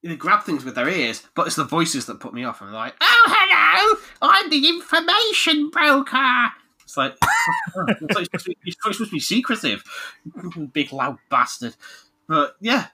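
Animated guy, bright voice. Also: a little high, normal speed, breathy edge. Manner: animated, jokey, laughs a lot. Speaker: podcast host, game reviewer. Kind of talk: casual chat.

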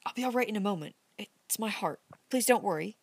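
A woman's voice: medium pitch, expressive, fairly quick, breathy edge, no echo. A woman reading aloud, voicing a flustered, earnest young man who stammers. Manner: hesitant, stammering.

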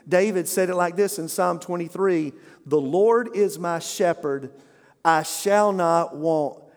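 A male pastor preaching a sermon, prompting the congregation to answer back. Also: high-pitched. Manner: preaching with call-and-response prompts. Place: church sanctuary. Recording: long hall reverb.

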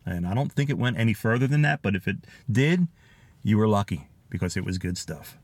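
A man's voice: fairly low pitch, lively intonation, a little fast, no echo. A middle-aged man with a Philadelphia accent, hosting a podcast and reading out listener comments in a chatty, nostalgic way, chuckling often. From Philadelphia area, USA. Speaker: podcast host.

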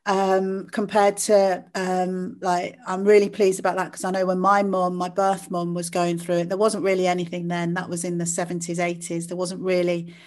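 A woman's voice: lowish voice, monotone, moderate pace, few pauses, darkish tone. A woman hosting a casual chat, speaking in a supportive, reassuring way.

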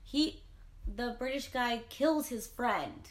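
A woman chatting casually with friends and telling a story with animation. Her voice sits a bit high, and she jumps into little acted-out quotes as she goes. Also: takes it slowly. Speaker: film recapper. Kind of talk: casual chat.

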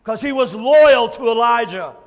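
A man preaching a sermon as pastor, moving from low, quiet talk to loud, shouted passages. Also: expressive, normal speed. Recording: hall reverb.

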